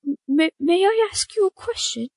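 A woman's voice: expressive, moderate pace, dry recording, clean studio sound. Woman voicing a pleading eagle-woman mother. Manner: high, pleading and tearful. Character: female humanoid eagle-person mother, feathered arms.

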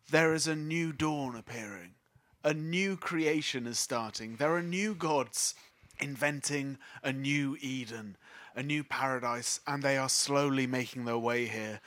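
A man voicing a male priest who gravely preaches about new gods and a coming end. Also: medium pitch, fairly bright tone, no echo, voice pushed down, lightly acted. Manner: grave, ominous prophecy.

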